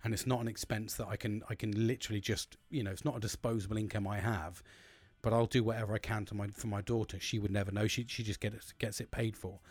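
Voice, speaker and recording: A man's voice: on the low side, flat delivery, fast talker, dry recording. A British man talking candidly to camera in a rambling, heavily sworn monologue that turns emphatic when he gives advice. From United Kingdom. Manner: blunt, sweary and rambling, with frequent restarts; gets emphatic and preachy when giving advice. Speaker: vlogger.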